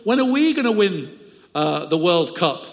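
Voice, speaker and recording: A man's voice: sits high, big pitch swings, unhurried, in a large hall, exaggerated voice. A man voicing an elderly Dutch Christian man who prays and weeps over his country's football team. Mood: pleading.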